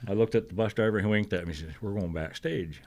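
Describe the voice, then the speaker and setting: Older man telling lively stories. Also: lowish voice, fast talker, noisy background. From Fredericton, New Brunswick, Canada. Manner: lively storyteller who acts out quoted voices and chuckles often. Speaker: guest singer-songwriter. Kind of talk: casual storytelling in a TV interview.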